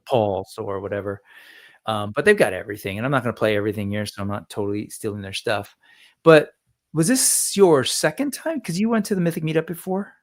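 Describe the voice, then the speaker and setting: A man's voice: fairly low pitch, very animated, a little fast. Chatty man hosting a podcast. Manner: chatty, upbeat interjections, asks questions. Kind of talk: casual chat.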